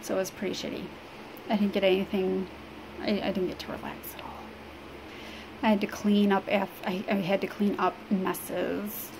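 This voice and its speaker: A woman from Illinois talks to the camera in a personal vlog, halting and rambling with many fillers. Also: mid-range voice, gravelly. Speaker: vlogger. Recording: steady background noise.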